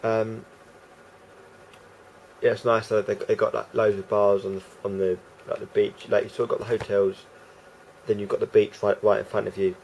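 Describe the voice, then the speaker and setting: A man's voice: on the low side, level tone, normal speed, darkish tone, highs cut off, a little hiss or hum. A man rambling through a casual vlog monologue, hesitant and full of restarts and fillers. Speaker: vlogger.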